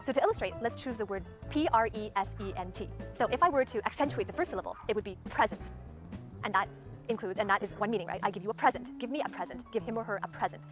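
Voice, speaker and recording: In a mid-range voice, a woman races through a speaking lesson, carefully showing how tone and stress work by saying examples aloud. Background music plays clearly beneath her.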